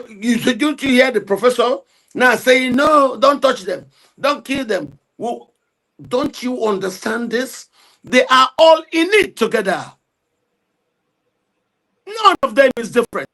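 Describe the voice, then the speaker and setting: A man giving heated political commentary, forceful and repetitive as he argues. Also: extremely high pitch, sing-song, unhurried, long pauses.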